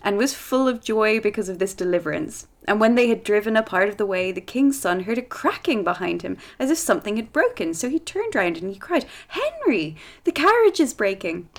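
A woman's voice: medium pitch, lively intonation, a little fast, few pauses. A woman reading a fairy tale aloud in a casual way, with playful asides and laughs. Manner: chatty, laughs between lines, playful asides.

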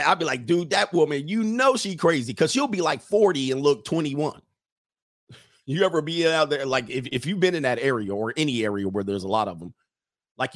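A man's voice: fairly high pitch, a bit bright. A man hosting a livestream in a casual, rambling monologue, joking along and reading out viewer comments. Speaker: livestream host.

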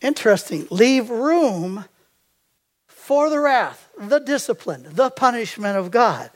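A man's voice: very high-pitched, big pitch swings, takes it slowly. An older man preaching a sermon as a pastor. He tells stories and quizzes the congregation with fill-in-the-blank questions.

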